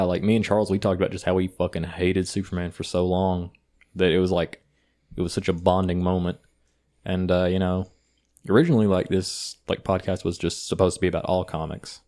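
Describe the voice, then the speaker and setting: A young man with an Eastern Kentucky accent, co-hosting a podcast and telling stories in a casual, profane, animated way. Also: sits low, moderate pace, long pauses. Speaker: podcast co-host. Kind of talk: casual chat.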